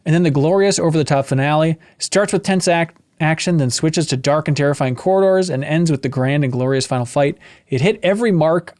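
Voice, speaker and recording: A man hosting a casual game podcast, reading listener messages aloud and joking around. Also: fairly high pitch. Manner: joking, animated. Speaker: podcast host.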